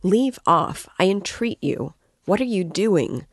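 A woman's voice: sits low, animated, measured pace, dark tone, no room sound, clean studio sound. A woman reading the part of a timid, anxious older mother who sounds easily distressed.

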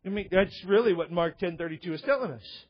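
A man preaching a sermon in a loud, emphatic, passionate way, often repeating words as he goes. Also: high voice, brisk, highs cut off.

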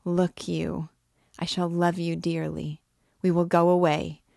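A woman's voice: fairly low pitch, flat delivery, takes it slowly, vocal fry, darkish tone, no room sound, studio quality. A woman doing a half-mad, doting older mother. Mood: tender. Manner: tender, gushing, rising to frantic. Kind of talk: dramatic reading of a novel.

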